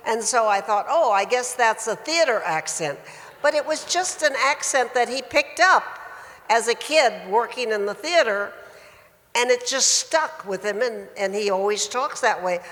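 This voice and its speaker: A woman's voice: fairly high pitch, a bit bright. Older woman telling a panel story. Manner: storytelling, acts out her own thoughts. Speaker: actress on a panel. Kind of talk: panel anecdote. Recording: long reverb of a big hall.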